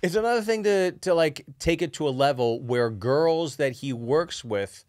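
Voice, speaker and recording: Man, mid pitch, lively sing-song delivery, dry sound, podcast co-host. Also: moderate pace, no echo. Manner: animated, reads listener letters aloud. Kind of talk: casual comedic chat.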